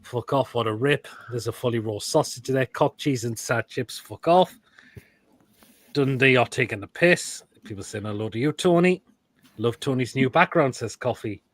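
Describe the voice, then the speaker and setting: A man's voice: mid-range voice, moderate pace, no room sound. A man hosting a live football stream, reacting to food pictures and reading comments with crude, blunt quips. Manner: crude, blunt quips with sudden loud outbursts. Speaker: host of a live football show.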